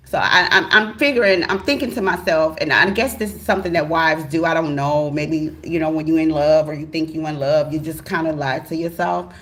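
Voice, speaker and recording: Woman vlog host, animated storyteller, swears freely, moves from hushed to loud. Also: low-pitched, fairly quick, hardly any pauses. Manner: animated, profane, swings between hushed and loud. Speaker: tarot channel host. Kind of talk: casual storytelling to viewers.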